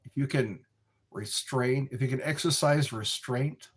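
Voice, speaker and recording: A man hosting a rambling live stream, chatting slowly with viewers from a dark room lit by a candle. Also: mid-range voice, breathy edge. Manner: slow, meandering, talks to viewers. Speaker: livestream host.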